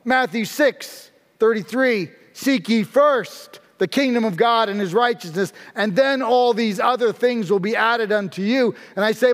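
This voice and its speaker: A man with a notably high voice delivers a sermon as a pastor. He preaches emphatically and drives his points home with dramatic repetition. His voice rings out with the long reverb of a large church hall. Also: normal speed, few pauses.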